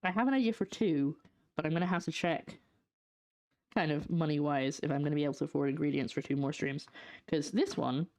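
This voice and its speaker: A young woman from Scotland cooks in her home kitchen on a casual livestream, her low, darkish voice moving a little fast. Chatty and loose, she reads out viewers' messages, answers them, and trails off into fillers as she works.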